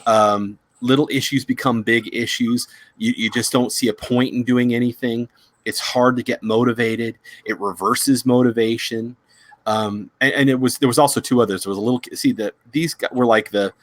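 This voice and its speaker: A man hosting a casual chat, telling a story in a rambling, halting way with many restarts. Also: medium pitch, fairly even intonation, no room sound. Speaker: psychic reader, show host.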